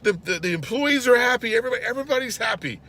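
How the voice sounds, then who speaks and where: A man's voice: extremely high pitch, rapid-fire. A man hosting his show, telling an exasperated everyday story in a casual monologue. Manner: animated, exasperated storytelling with rising outbursts. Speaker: host.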